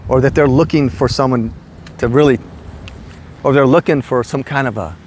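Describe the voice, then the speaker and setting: A man in his sixties telling casual, rambling stories about his past work, getting animated as he goes. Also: normal speed, slight background noise. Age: 60s. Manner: animated, rambling, jumps high when quoting himself. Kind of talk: casual storytelling.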